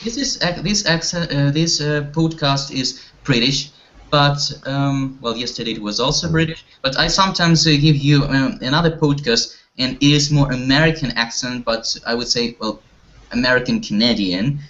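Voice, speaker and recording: A man's voice: mid-range voice, moderate pace, a bit bright. A man teaching an online English class, talking hesitantly with many fillers and restarts. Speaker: language teacher. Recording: dull lo-fi audio.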